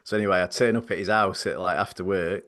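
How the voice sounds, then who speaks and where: A man's voice: deep voice, quick pace, a bit bright. Rambling man telling a story. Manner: rambling, filler-heavy, laughs while telling. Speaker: podcast co-host. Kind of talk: casual storytelling.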